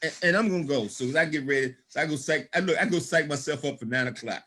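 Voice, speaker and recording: A man's voice: fairly high pitch, fast talker, pushed and bright, slightly rough. A man giving a motivational storytelling talk at a business event, laughing often and calling out praise in a folksy, preacher-like way. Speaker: guest speaker at a business opportunity event.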